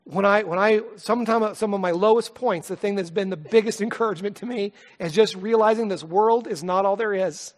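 A man preaching a sermon, telling a personal story in an earnest, heartfelt way and often dropping to a soft, quiet voice. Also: high-pitched, brisk, hardly any pauses. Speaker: pastor.

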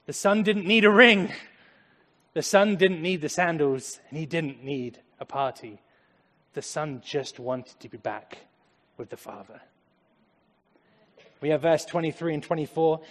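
A man preaching a sermon, dramatic, swinging from loud emphasis to hushed tones. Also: on the high side, unhurried. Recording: echoey hall.

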